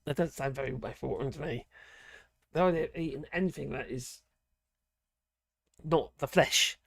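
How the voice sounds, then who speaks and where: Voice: medium pitch, normal speed, gravelly, no room sound, studio quality. A live-stream host from Norwich, chatting casually and reacting aloud to viewer comments in a rambling way. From Norwich, England.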